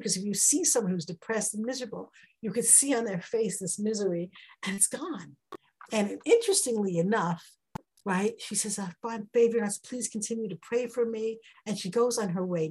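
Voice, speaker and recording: A woman teaching a Torah class in a lively way, acting out the dialogue with big jumps in pitch. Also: moderate pace, slight background noise, poor audio.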